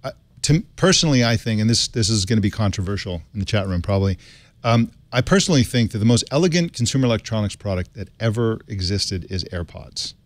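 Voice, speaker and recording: A man's voice: on the low side, animated, quick pace, no echo. A man on a tech panel giving casual, opinionated takes.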